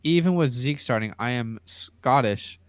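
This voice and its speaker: A man's voice: mid-range voice, a little slow, no room sound. Brief: American male co-host, chatty, reads viewer questions, dry close mic. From United States. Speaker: podcast co-host. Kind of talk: casual live-stream chat.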